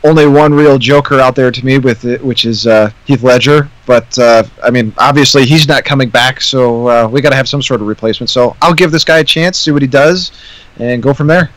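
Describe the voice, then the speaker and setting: A man's voice: mid-range voice, brisk, fairly bright tone, dry recording, low-quality recording. A man guesting on a podcast, talking in a laid-back, easygoing way. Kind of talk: casual podcast chat.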